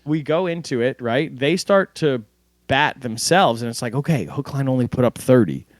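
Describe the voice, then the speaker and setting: Relaxed man recapping a match. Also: mid-range voice, moderate pace, no echo. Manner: relaxed, play-by-play recounting with fillers. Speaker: podcast co-host. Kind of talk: casual sports recap chat.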